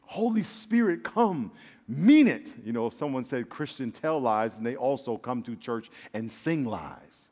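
A man preaching a sermon to his congregation, animated and joking, calling them y'all and acting out little voices. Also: medium pitch, unhurried, few pauses. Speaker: pastor. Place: church. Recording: long reverb of a large hall.

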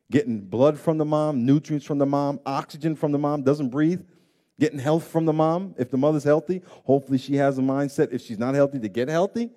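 A man preaching a sermon as pastor. He swings from hushed, intimate words to loud, pleading emphasis and repeats phrases to drive them home. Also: mid-range voice. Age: adult parent of grown children.

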